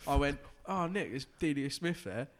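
A man's voice: a little high, expressive, normal speed. Laughing English man telling stories. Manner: laughs often, acts out loud shouted quotes. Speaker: podcast co-host. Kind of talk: casual banter.

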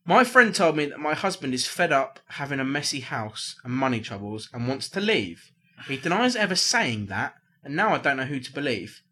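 A man's voice: mid-range voice, sing-song, normal speed, sharp tone. A man co-hosting a casual podcast, reading out problem letters with a jokey, laughing delivery.

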